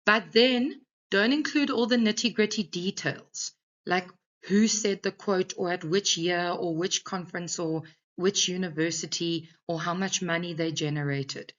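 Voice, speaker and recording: A woman's voice: lowish voice, a little slow, a bit bright, dull audio. A woman English teacher giving an exam revision lesson, talking a class through a text and often checking in with "okay".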